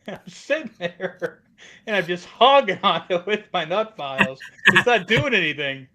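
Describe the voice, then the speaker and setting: A man's voice: high-pitched, expressive, normal speed, sharp tone. A man hosting a casual livestream, reading viewer comments and telling rambling shop stories. He acts out quoted lines and often trails off while searching for words. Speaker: livestream host.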